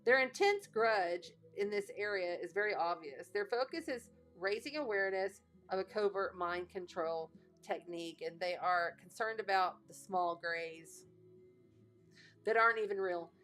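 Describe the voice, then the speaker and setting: A woman's voice: mid-range voice, moderate pace, a bit bright. A woman with a Texas twang talks viewers through a card reading in a casual, chatty way. She sounds encouraging and drops playful asides as she goes. Faint music plays in the background. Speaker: astrologer and card reader.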